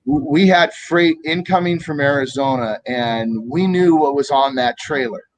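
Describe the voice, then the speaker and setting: A man in his fifties from the United States, telling animated stories in a casual political chat and acting out quoted voices. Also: medium pitch, moderate pace, slight background noise, rough recording. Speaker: co-host of a political talk stream.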